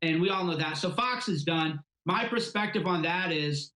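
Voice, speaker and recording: A man's voice: on the high side, moderate pace, pushed and bright, reverberant, rough recording. A man appearing as a guest commentator on a talk show, blunt and assertive. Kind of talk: political commentary.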